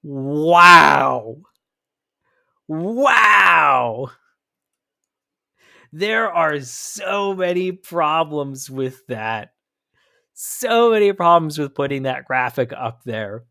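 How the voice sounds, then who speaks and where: A man from the Pacific Northwest, hosting a podcast and commenting on a played clip in an animated, emphatic way with frequent restarts. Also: a little high, no echo, clean studio sound. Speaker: podcast host.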